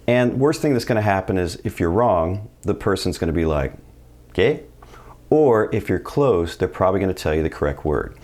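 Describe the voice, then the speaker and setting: A man with a low voice teaches a video language lesson. He sounds casual and upbeat and walks through each step plainly. His tone is friendly and easygoing. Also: darkish tone. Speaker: Spanish teacher.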